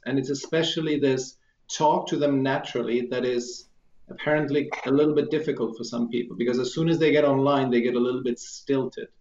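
A man being interviewed as a guest, explaining his sales coaching work in a clear, articulate way. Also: on the high side, a little mellow. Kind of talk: interview answers. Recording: roomy dull video-call audio.

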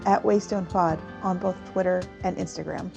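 A woman's voice: on the low side, steady tone, moderate pace, gravelly, over music. A woman co-hosting a podcast in casual chat, laughing often as she talks. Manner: giggly, breaks into laughter often. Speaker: podcast co-host.

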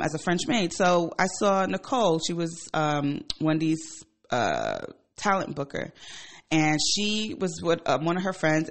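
Animated, profane woman telling a story. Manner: animated and profane, with emphatic swings in pitch and loudness. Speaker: radio show host. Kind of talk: casual storytelling monologue.

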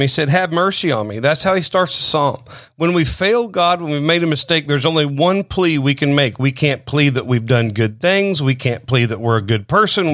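A man's voice: on the high side, fairly bright tone, no room sound. Earnest preacher man, dry close sound. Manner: earnest, conversational, with frequent fillers and restarts. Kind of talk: informal sermon podcast.

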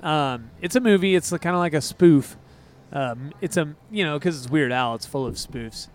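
A man with a fairly high speaking voice co-hosts a music podcast in loose, casual chat. He rambles with excitable energy and keeps wandering off into tangents before finding his way back. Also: normal speed. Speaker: podcast co-host.

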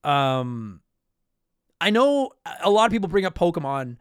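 On a casual talk show, a young man from Canada answers listener mail, rambling, apologizing and restarting often. His voice is fairly high and smooth, with big pitch swings and an unhurried pace, and the clean studio sound has no echo.

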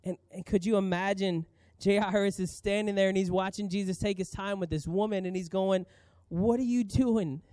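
A man in his thirties preaching a sermon as pastor, earnest and emphatic with dramatic pauses. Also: sits high, flat delivery, darkish tone, clear, resonant tone, no room sound.

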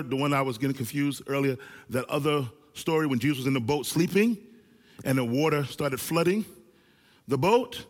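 A male pastor preaching a sermon to a small church gathering, with animated delivery that swings between loud and hushed. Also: a little high, long reverb tail. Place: small church service with few people present.

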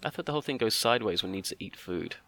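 A man's voice: fairly low pitch, lively intonation, rapid-fire, a bit bright, no echo. A man, co-hosting a casual chat and rambling through joking asides. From Australia. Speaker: podcast co-host.

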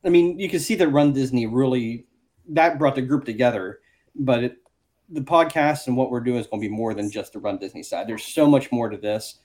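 A man co-hosting a casual podcast, upbeat as he lays out plans for the show. His pitch sits at an ordinary middle level. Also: brisk, a little mellow. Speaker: podcast co-host. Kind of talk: casual chat.

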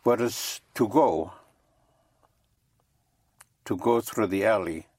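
Slow, patient French teacher with a husky voice. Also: mid-range voice, a little mellow, no echo, clean studio sound. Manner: patient, spells words out letter by letter. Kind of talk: slow one-on-one language lesson.

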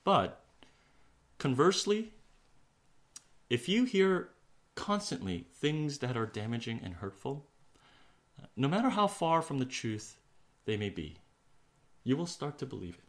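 Earnest male preacher, dropping to hushes. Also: medium pitch, very animated. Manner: earnest, slows for emphasis, drops to a hush on key words. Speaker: pastor. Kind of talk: sermon.

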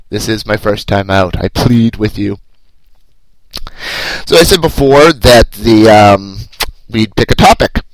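A man's voice: fairly low pitch, no echo, poor audio. A man in his thirties hosting a solo podcast, rambling and self-deprecating with a wry sense of humor. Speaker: podcast host.

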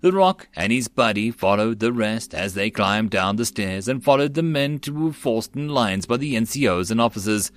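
A man narrating a web novel audiobook in a steady storytelling manner. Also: lowish voice, normal speed, hardly any pauses, no room sound.

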